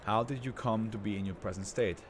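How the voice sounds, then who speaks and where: A man reads a composed male researcher in an interview log. He asks plain, measured questions in a low-leaning voice. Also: noisy background, natural voice. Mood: calm.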